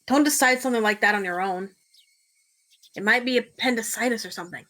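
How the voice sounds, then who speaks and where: A woman's voice: on the high side, a little fast, fairly bright tone, lightly acted. A woman voicing an anxious male kidnapper in close to her own voice, fretful and hesitant. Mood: worried. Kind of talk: reading a visual novel aloud with voices.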